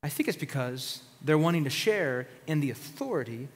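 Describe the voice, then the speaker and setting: A male pastor delivering an animated, conversational sermon with plenty of emphasis. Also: fairly high pitch, normal speed, in a large hall.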